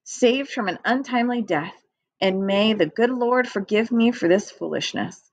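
A woman voicing a gentle but firm farmer father in a children's story. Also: fairly high pitch, normal speed, no echo, lo-fi sound.

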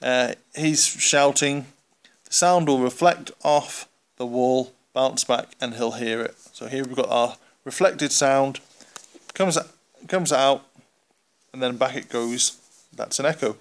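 A man teaching a physics lesson, talking through drawn diagrams in a relaxed, conversational way with frequent pauses. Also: medium pitch. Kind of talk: explaining exam topics over drawn diagrams.

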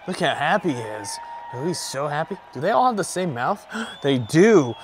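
Excitable young man playing a VR game. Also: a little high, a little fast, crowd noise, background noise. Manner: excitable, swearing, joking, shouting at the game. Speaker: gaming YouTuber. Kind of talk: casual VR gameplay commentary.

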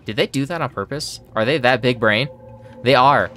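A man's voice: mid-range voice, normal speed, loud music behind the voice. A man playing through a horror game, talking to the characters on screen, yelping and swearing at each scare. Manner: jumpy, yelps and swears, talks to the game characters. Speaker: let's play gamer.

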